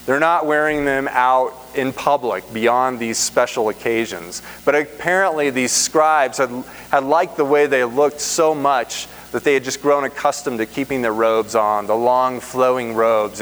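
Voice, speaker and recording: A man's voice: mid-range voice, fairly bright tone. A man preaching a sermon in an earnest, emphatic way, repeating phrases for stress. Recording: reverberant hall, faint hum.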